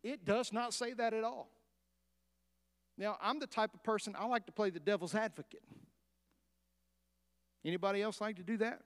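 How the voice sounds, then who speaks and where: A pastor preaching a sermon, animated, acting out the story and asking his congregation questions. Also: high voice, normal speed, long pauses.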